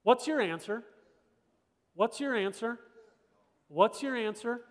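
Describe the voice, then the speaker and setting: Male pastor with a high voice, conversational and emphatic, preaching a sermon, recorded with long church reverb. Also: animated, takes it slowly. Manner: conversational, emphatic, repeats rhetorical questions. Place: church sanctuary.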